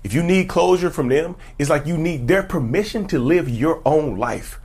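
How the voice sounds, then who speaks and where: Husky, animated man giving advice. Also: a little high, moderate pace. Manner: emphatic, preachy, piles up rhetorical questions. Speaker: self-help YouTuber. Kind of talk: casual direct-to-camera advice talk.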